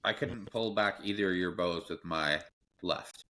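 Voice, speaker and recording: A man from Canada with a very deep voice, talking gear with friends on a podcast. He muses out loud, stretches his phrases and swears casually. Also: slight background noise. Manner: drawn-out, thinking aloud, casual swearing. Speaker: podcast co-host. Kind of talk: casual chat.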